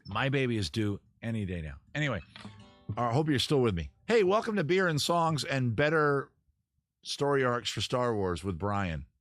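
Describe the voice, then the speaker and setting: A man hosting a casual livestream, talking in a rambling, self-interrupting way, swearing and acting out scenes in quick put-on voices. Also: mid-range voice, sing-song, fairly bright tone, dry recording, soft background music. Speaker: livestream host. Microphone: camera mic.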